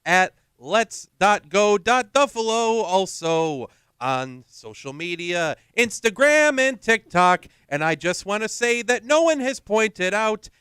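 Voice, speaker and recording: A man's voice: high voice, very animated, takes it slowly, hardly any pauses, fairly bright tone, smooth, no room sound, clean studio sound. A man guesting on a radio show, plugging his podcast in a laid-back, joking way. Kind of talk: casual radio banter.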